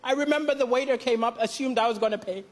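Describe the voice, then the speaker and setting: A man from Malawi performing a stand-up comedy routine on a theatre stage, with punchy deadpan delivery, acting out other people's lines. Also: very high-pitched, fast. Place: large theatre stage before a live audience. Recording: live stage mic with crowd laughter and music.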